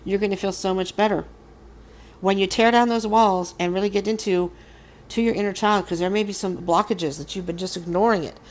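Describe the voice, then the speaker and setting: A woman's voice: mid-range voice, steady tone, brisk. A woman hosting a casual collective tarot reading, speaking earnestly and encouragingly to her viewers. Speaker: tarot reader.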